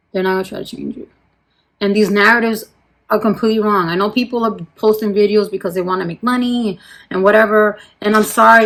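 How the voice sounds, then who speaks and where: A woman beauty vlogger chatting casually as she applies makeup, stressing her points with slow repetition and dropping to a quiet murmur when she turns to her products. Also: mid-range voice, poor audio. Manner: emphatic, repeats points, slows down for emphasis. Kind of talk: casual chat while doing makeup.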